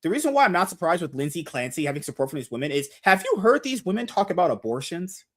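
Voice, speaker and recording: A woman's voice: fairly low pitch, very animated, fast talker. An American woman arguing emphatically as a guest on a chat podcast. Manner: emphatic, argumentative. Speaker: guest debater. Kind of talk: casual debate chat.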